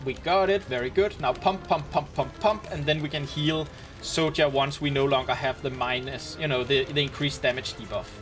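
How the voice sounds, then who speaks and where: A man's voice: medium pitch, normal speed. A man with a Danish accent, a Danish speaker, leading a game raid and chatting casually while he plays. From Denmark. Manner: relaxed, chatty, thinking aloud. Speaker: raid commander. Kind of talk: casual gameplay commentary.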